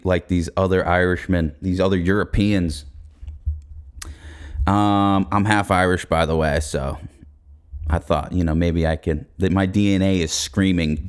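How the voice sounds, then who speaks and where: A man's voice: low-pitched, clear, resonant tone. A young man hosting a podcast, telling a comedic story in a casual, profane, laid-back way. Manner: profane, laid-back, laughs through his stories. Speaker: podcast host.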